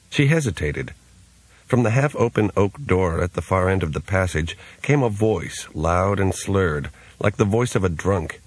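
A male audiobook narrator with a deep, husky voice and a measured, even delivery. The recording is dry and close, with no room sound. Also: no room sound. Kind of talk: scripted narration.

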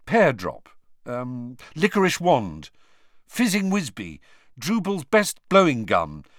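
A man's voice: mid-range voice, wildly swooping pitch, takes it slowly, dry recording, studio quality, pitched above the performer's own voice. Male reader doing a teenage boy wizard, impatient and exasperated, voice pushed well up. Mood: flustered. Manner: urgent, exasperated guessing.

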